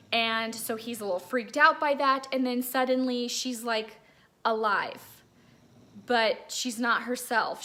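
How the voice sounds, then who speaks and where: A woman's voice: a little high, a bit bright. A woman in her thirties at home, chatting casually as she reviews books, rambling with lots of "like"s. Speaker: book reviewer. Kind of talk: casual chat.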